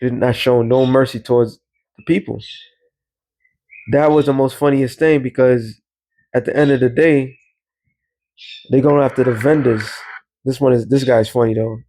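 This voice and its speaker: A man's voice: medium pitch, fairly even intonation, moderate pace, long pauses, dark tone. New guy rambling through a casual commentary vlog, loose street talk. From New York. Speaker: religious commentator.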